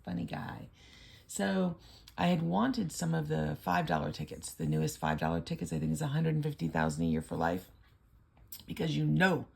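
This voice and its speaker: An older woman hosting a casual lottery-ticket vlog, chatting and rambling through a story. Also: low voice. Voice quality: gravelly, husky voice.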